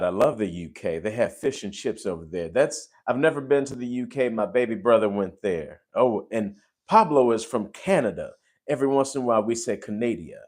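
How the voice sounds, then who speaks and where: A man hosting a relaxed livestream, with a voice that sits a little on the low side. He gushes at his viewers and keeps breaking into sudden loud exclamations. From United States. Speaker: host. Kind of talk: casual livestream chat.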